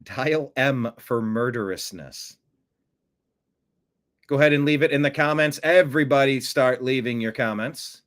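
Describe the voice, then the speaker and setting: A man hosting a political commentary show, animated and sarcastic, who often mocks others by putting on high voices. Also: measured pace. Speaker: host.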